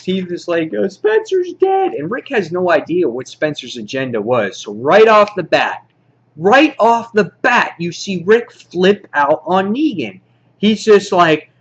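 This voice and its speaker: A man casually reviewing a comic book, rambling excitedly and acting out the characters' lines. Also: high-pitched, husky, muffled recording.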